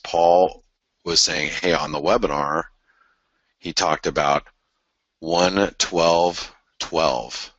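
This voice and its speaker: A man with an extremely deep voice and a bright, forceful edge runs a live market commentary show. He talks through charts off the cuff, breaking into excited exclamations. The sound is close and dry. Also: no echo, highs cut off. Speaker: forex trading show host.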